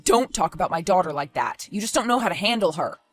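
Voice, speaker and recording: A woman voicing a careless father who breezily brushes off his girlfriend's worries in an animated story. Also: on the low side, quick pace, soft background music. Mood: dismissive. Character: dismissive careless father, a grown man. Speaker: boyfriend and father.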